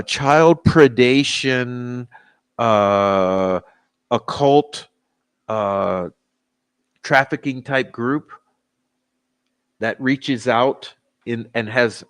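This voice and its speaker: A man hosting a true-crime stream, talking in a sarcastic, excitable, rambling way with many fillers. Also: medium pitch, dry recording, studio quality. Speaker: true-crime channel host. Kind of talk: live-stream commentary.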